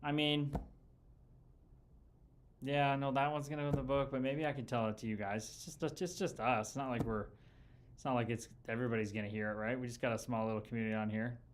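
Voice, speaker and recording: A man's voice: mid-range voice, fairly even intonation, quick pace, slight background noise. A man hosting a casual live chat, telling rambling, profane stories about his pro hockey days with lots of fillers and restarts. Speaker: podcast host and former pro hockey player. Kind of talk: casual livestream chat with viewers.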